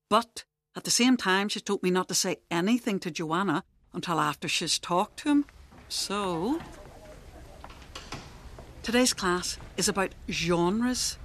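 A woman narrating a scripted dramatic monologue in a confiding, lively storyteller manner. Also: fairly low pitch.

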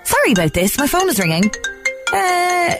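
A woman's voice: extremely high pitch, very animated, normal speed, over loud music. A woman hosting an evening radio phone-in, bubbly and playful, laughing often with callers. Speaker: radio show host. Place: radio studio.

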